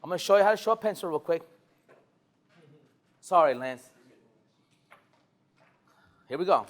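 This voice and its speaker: A male car sales trainer giving a live demonstration, animated and loose, swinging from shouting to murmuring. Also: a little high, normal speed. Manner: hype-driven and loose, with occasional swearing.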